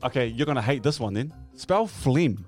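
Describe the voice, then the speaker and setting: A man's voice: mid-range voice, expressive, normal speed, darkish tone, faint music behind. A man co-hosting a podcast, chatting in a playful, teasing way. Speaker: podcast co-host. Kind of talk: casual chat.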